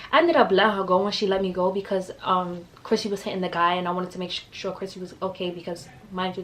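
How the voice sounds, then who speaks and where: A young woman telling a story to camera in a casual, profane, animated way. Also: mid-range voice, a little hiss or hum. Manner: animated, profane, acts out quotes in raised voices. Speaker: vlogger.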